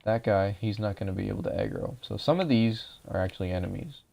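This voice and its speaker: Low gravelly-voiced man narrating gameplay. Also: quick pace, a little hiss or hum. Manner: relaxed, explanatory, talks viewers through each step. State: voice drying out. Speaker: game walkthrough narrator. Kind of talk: casual gameplay commentary.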